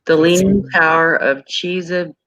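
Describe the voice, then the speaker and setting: A guest chatting casually on a video call, telling stories in an animated way. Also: mid-range voice, unhurried, crowd noise. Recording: dull lo-fi call audio.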